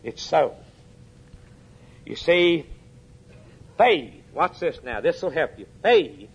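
A man preaching with fervent, emphatic delivery. His voice sits a little high for a man, and he swings from hushed, dropped lines to sudden loud urgent peaks. He asks his listeners questions directly. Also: slightly rough. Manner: addresses the congregation directly with questions. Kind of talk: sermon.

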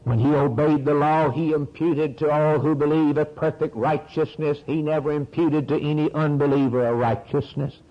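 A male preacher delivers a fervent sermon, dropping low and earnest, then climbing high for emphasis. His voice sits fairly high and sounds husky. The recording is dull and muffled, like an old radio broadcast. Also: fairly even intonation, moderate pace, hardly any pauses.

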